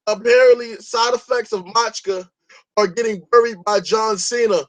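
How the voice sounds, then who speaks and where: A high-pitched male podcast host in a loose, casual chat. He rambles through his opinions with plenty of swearing, restarting sentences as he goes. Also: steady tone, normal speed, rough recording.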